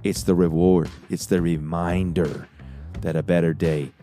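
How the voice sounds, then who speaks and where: A man's voice: deep voice, steady tone, unhurried, warm tone, soft background music. A man hosting a podcast, answering a listener's message in an earnest, upbeat and reflective way. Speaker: podcast host and songwriter. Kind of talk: casual podcast talk.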